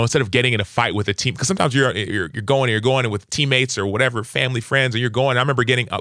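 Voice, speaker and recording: A young adult man, a football player, telling earnest, animated stories as a podcast guest. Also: on the low side, no echo, clean studio sound. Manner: earnest, animated, lively acted-out quotes. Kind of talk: conversational interview storytelling.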